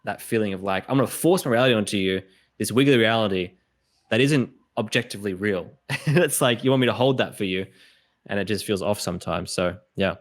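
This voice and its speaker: A man with an Australian accent talks casually on a podcast in a fairly low voice. He tells his stories with energy and acts out other people's lines as he goes. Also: brisk. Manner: animated storytelling, acts out quoted voices. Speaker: podcast host. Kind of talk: casual conversation.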